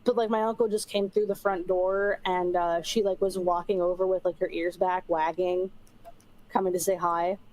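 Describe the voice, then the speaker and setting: A woman's voice: lowish voice, little pitch movement, normal speed, darkish tone, poor audio. Chatty young woman streamer. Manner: rambling, chatty, swears casually, frequent fillers. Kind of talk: casual chat while gaming.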